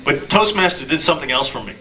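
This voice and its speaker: A man in his thirties doing a stand-up comedy set, telling dating stories deadpan and acting out the quotes. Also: fairly high pitch, fast, far from the mic, rough recording. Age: 30s. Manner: deadpan storytelling with acted-out quotes. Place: small live comedy venue.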